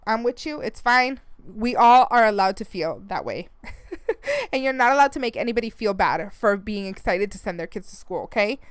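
A woman's voice: medium pitch, expressive, moderate pace, smooth, dry recording. A woman in her thirties hosting a podcast, chatting casually and animatedly and laughing often. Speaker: podcast host. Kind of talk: casual chat.

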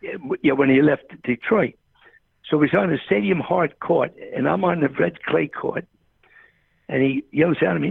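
A man's voice: fairly high pitch, moderate pace, no echo. An older man, a tennis coach, telling rambling stories in a phone interview, often saying the host's name. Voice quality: gravelly, husky. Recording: tinny phone line.

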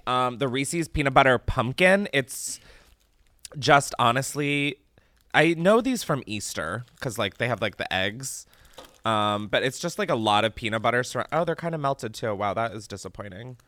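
A man hosting a podcast in casual chat, animated and chatty, swearing freely and laughing often. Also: medium pitch, normal speed, no echo. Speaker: podcast host. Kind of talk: casual chat, candy taste test.

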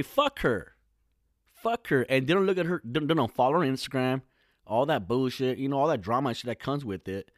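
A man's voice: medium pitch, no room sound, studio quality. A man in his thirties from California, talking alone in a casual, rambling, profane podcast monologue full of slang.

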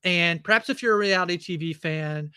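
A woman's voice: on the low side, a little fast, sharp tone, clean tone, no room sound, studio quality. A woman co-hosting a podcast, chatting in an appreciative way with easy teasing. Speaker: podcast co-host. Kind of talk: casual podcast chat.

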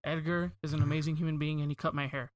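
A man's voice: a little high, little pitch movement, quick pace, no echo. A young man hosting a podcast in casual chat, rambling and filling his talk with "like" and "dude". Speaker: podcast host.

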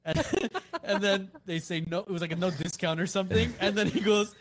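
A man's voice: high-pitched, brisk, hardly any pauses. A man hosting a podcast, chatting casually and acting out the lines he quotes while telling stories. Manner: animated storytelling, acts out quoted lines. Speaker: podcast host. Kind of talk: casual chat.

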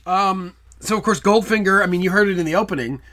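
A man's voice: high voice, quick pace, pushed and bright. A young man co-hosting a casual podcast about films, rambling and quoting favorite movie lines. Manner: rambling, quotes movie lines in put-on voices. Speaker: podcast co-host. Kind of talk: casual film chat.

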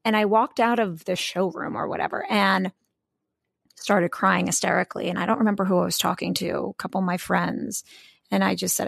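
A woman's voice: mid-range voice, fairly even intonation, a little fast, gravelly, no room sound, studio quality. A woman co-hosting a podcast in casual, rambling chat, full of fillers and restarts. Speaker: podcast co-host.

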